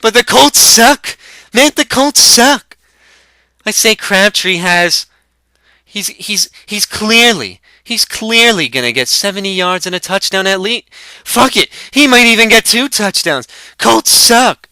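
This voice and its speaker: Brief: man doing a smug young stoner, high-pitched and slow. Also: lively intonation, sharp tone, no room sound, heavily acted. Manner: smug, crude trash talk. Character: cocky profane young male stoner.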